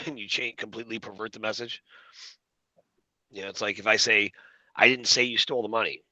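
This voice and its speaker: A man with a fairly low, very bright and forceful voice rambles through a casual conversation, full of fillers and restarts. The sound is dry and close. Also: steady tone, brisk, dry recording, highs cut off. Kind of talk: casual conspiracy talk.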